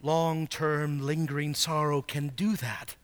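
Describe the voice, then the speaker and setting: A man preaching a sermon, asking the congregation rhetorical questions and swinging between hushed, slow passages and loud, emphatic ones. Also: fairly high pitch, level tone. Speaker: pastor.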